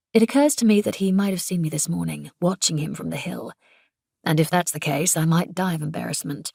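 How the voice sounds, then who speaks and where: Woman reading an audiobook in first person, low gravelly voice, super dry close sound. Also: a little fast, dark tone, no room sound. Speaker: audiobook narrator.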